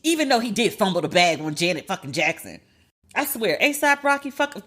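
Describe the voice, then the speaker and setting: A woman's voice: mid-range voice, very animated, fairly quick, fairly bright tone. A woman hosting a podcast, ranting in a sassy, emphatic, profane way and repeating lines for punch. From United States. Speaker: podcast host. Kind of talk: casual commentary rant.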